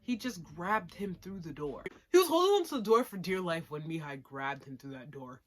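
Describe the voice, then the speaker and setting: A young woman reviews an anime episode from a plushie-filled room at home, speaking at normal speed in a lowish voice with big pitch swings. She's casual, slangy and sarcastic, dropping giggly asides.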